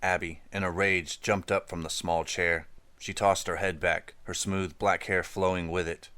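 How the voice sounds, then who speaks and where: A man narrating an audiobook in an even, measured storytelling manner. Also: deep voice, smooth, dry recording.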